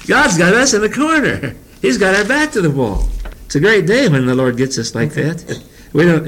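A man's voice: a little high, poor audio. A man preaching a Bible teaching sermon in a folksy way, reading scripture aloud and explaining it with chuckles.

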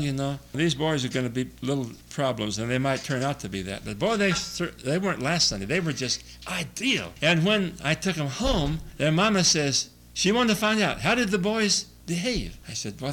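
A man preaching a casual sermon, reading scripture slowly and chuckling as he asks his listeners questions. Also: fairly high pitch, fairly bright tone, poor audio. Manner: reads scripture aloud slowly. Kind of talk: conversational sermon.

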